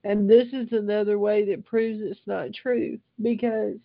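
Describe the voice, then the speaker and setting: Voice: medium pitch, flat delivery, measured pace, creaky, no room sound, highs cut off. An older Bible teacher reading scripture aloud and stopping often for heartfelt asides.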